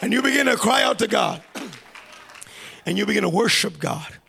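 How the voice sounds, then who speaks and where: A man preaching a sermon as pastor, fervent and building into shouted cries. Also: sits high, expressive, moderate pace, gravelly, husky, some chatter behind.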